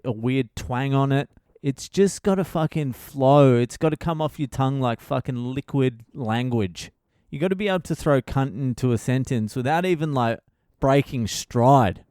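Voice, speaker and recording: A man's voice: mid-range voice, darkish tone, smooth, no echo, clean studio sound. An Australian comedian in his thirties hosting a podcast, crude and profane, joking and laughing as he talks. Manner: crude, profane, swears constantly; laughs at his own jokes. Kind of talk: casual comedic monologue.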